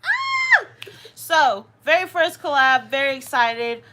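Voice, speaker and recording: A Southern US woman hosting a live tarot reading, animated and full of slang. Her voice sits fairly high, and she talks straight to the viewers. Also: normal speed. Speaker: tarot reader, channel host.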